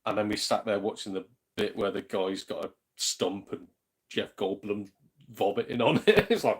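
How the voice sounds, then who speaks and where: A man's voice: lowish voice, normal speed, slight background noise. Chatty British man on a live stream. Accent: British English. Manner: chatty, rambling, swears mildly, drops to a hush. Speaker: gaming channel host. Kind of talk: casual live-stream chat. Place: home.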